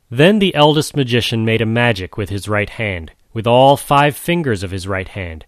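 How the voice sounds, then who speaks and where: A man's voice: on the low side, no echo, studio quality. Man reading a storybook aloud. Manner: measured, addresses the listener tenderly. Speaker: narrator.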